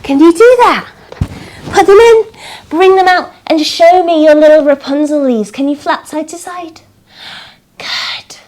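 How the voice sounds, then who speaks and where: Woman kids' yoga teacher, high and unhurried, animated storyteller. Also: rough recording. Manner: animated, coaxing instructions with gasps and exclamations. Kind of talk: storytelling yoga class for children.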